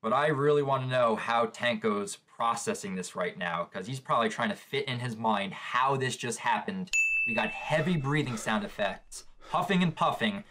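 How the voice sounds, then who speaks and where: A man's voice: mid-range voice, lively intonation, moderate pace, background noise. A man hosting a live manga reaction, describing the panels aloud and reacting with shock to what he reads.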